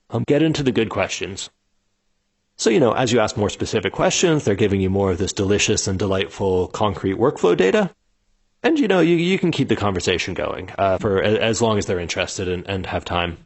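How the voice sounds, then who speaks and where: Husky, lively-voiced male instructor. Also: lowish voice. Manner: conversational, many fillers, animated when quoting people. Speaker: instructor explaining customer interviews. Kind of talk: casual spoken lesson, acting out example dialogues.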